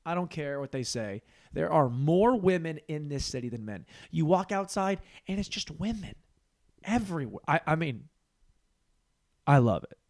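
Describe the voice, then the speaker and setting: Solo comedy podcast host, man in his thirties: high-ish, bouncy voice, acts out every voice in his stories, swears a lot. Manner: animated storyteller acting out voices, swearing freely.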